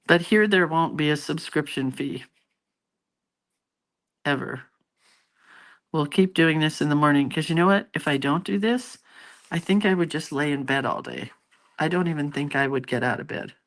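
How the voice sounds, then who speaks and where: A woman's voice: low voice, normal speed, long pauses. A middle-aged woman hosting a casual live stream, chatting with her viewers and reading out their comments in a rambling, familiar way.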